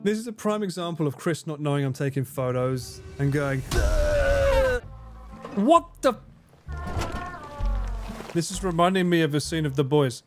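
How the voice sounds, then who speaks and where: A man's voice: fairly high pitch, brisk, few pauses, soft background music. A man streaming live, chatting casually with his viewers, laughing often and swearing freely. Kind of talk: casual livestream chat.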